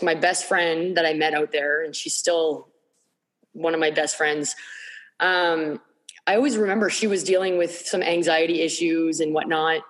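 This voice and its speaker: Earnest woman sharing her story. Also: lowish voice. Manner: emotional, earnest, repeats herself when searching for words. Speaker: podcast guest. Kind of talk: candid personal storytelling.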